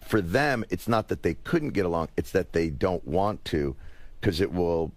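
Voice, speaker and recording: A man in his fifties, a talk show guest, chatting in a wry, rambling, self-deprecating way with quick asides. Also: sits low, animated, dry recording. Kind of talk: casual talk show conversation. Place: television studio.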